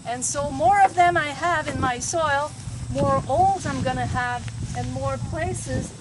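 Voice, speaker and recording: French-speaking quebec lady, pretty high voice, chatting with farmers outside at a soil pit, loud wind and trucks behind. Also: unhurried. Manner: chatty, asks the crowd questions, invites interaction. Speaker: soil specialist presenter. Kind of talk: outdoor field demonstration to farmers. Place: outdoors by a soil pit on a farm. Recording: loud outdoor noise, passing vehicles.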